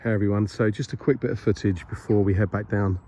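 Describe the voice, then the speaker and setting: A man's voice: lowish voice, steady tone, fast, dark tone. A man filming a casual walking vlog on a hilltop, out of breath, chatty and rambling, poking fun at himself. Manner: chatty, rambling, self-mocking. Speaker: vlogger exploring a historic site. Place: outdoors on a hilltop by a graveyard. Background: birdsong.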